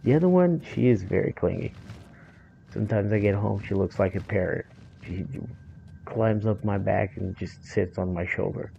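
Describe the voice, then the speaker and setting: Gravelly, low-voiced male streamer. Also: little pitch movement, moderate pace, dark tone, highs cut off, a little hiss or hum. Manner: rambling, profane and joking. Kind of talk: casual chat while gaming.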